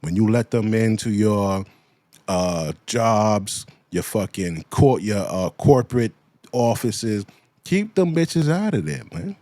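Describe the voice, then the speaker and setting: A man's voice: fairly low pitch, lively intonation, slow pace, mellow, dry recording. A man giving a profane, ranting commentary, hammering at the same point with repeated pointed questions. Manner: profane, heated, repeats himself.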